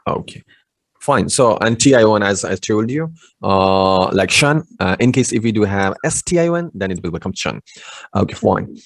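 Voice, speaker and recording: A man teaching spoken English online, slowly drilling pronunciation and answering each word with short affirmations. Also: on the low side, expressive, gravelly, no room sound.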